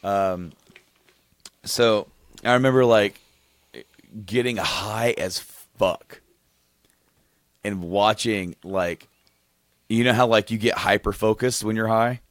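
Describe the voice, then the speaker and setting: A man co-hosting a casual podcast, rambling through a funny story, laughing often and getting excited as he goes. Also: fairly low pitch, slow, pauses often, no echo, clean studio sound. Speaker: podcast co-host. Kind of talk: casual chat, telling a story.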